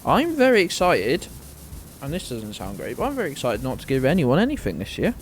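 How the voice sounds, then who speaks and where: A man's voice: mid-range voice, wildly swooping pitch, fairly quick, a little hiss or hum. Sweary British man streaming a game. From Britain. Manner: sweary, sarcastic banter. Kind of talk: casual gameplay commentary.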